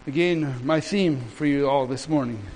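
A man's voice: mid-range voice, normal speed, darkish tone, slight background noise, rough recording. A man preaching a sermon as pastor, with impassioned repeated declarations and a casual storytelling turn.

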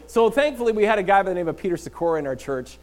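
Animated, higher-voiced male pastor. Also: very fast. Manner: animated storyteller, often laughing. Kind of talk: sermon with a humorous story.

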